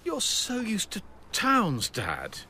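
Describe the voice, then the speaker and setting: A cautious, flustered middle-aged son in a radio drama. His voice is bright and swings widely in pitch, and he stumbles as he tries to object. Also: wildly swooping pitch, slow pace, heavily acted. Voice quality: hesitant, flustered.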